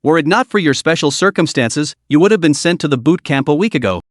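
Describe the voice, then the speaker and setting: A male narrator voicing a gruff, scolding old male director who talks in a stern, blustering way. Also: a little high, lively intonation, fast, no room sound, clean studio sound, lightly acted.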